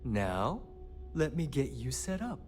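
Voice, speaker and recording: A man voicing a self-assured pirate-crew money handler in a video game, speaking in a smooth, smug, explanatory way. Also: medium pitch, sing-song, slow pace, a little mellow, a little hiss or hum.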